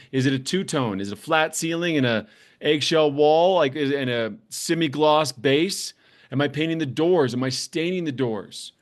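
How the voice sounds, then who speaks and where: A man hosting a construction business show, giving blunt, plainspoken advice and telling stories, with the odd swear word. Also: medium pitch. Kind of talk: casual advice talk to camera.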